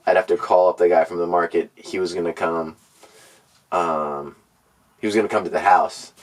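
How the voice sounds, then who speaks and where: Deep-voiced man rambling on a comedy podcast. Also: steady tone, normal speed. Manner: rambling, mock-earnest. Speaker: podcast co-host. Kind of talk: casual comedy podcast chat.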